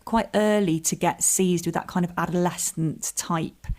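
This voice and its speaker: A woman's voice: lowish voice, fairly even intonation, normal speed, darkish tone. A woman, a comedian and writer chatting as a podcast guest, telling stories in a self-deprecating way with laughs. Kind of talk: relaxed interview chat.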